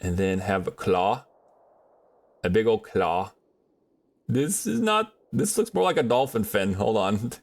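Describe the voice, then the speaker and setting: A man's voice: fairly low pitch, sing-song, a little slow, pauses often. A man chatting casually on a livestream while drawing, rambling in a friendly way with many fillers and restarts.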